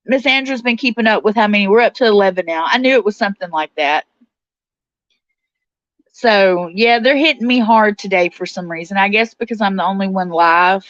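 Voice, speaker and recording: A woman's voice: mid-range voice, brisk, a bit bright, no echo. Woman, livestream host, casual chat with viewers, dry lo-fi sound. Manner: chatty, reads viewer comments aloud and answers them. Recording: dull, slightly lo-fi sound.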